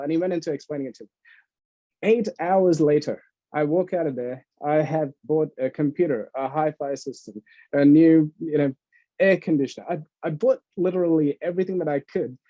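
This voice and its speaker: A man who is a guest on a business interview podcast, telling stories in a lively, chatty way, laughing often and acting out dialogue. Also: fairly high pitch, brisk, no echo, dull audio. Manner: animated storyteller who laughs often and acts out quotes. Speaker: entrepreneur guest. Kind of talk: casual podcast interview storytelling.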